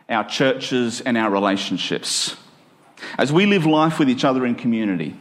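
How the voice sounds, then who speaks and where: An Australian man preaching a sermon in a conversational way, full of rhetorical questions and acted-out examples. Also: medium pitch.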